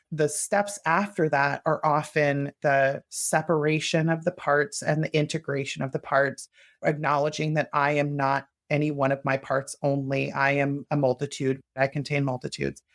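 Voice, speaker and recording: A woman's voice: deep voice, flat delivery, moderate pace. A woman guest on a podcast, earnestly explaining her ideas and acting out her own self-talk in casual conversation.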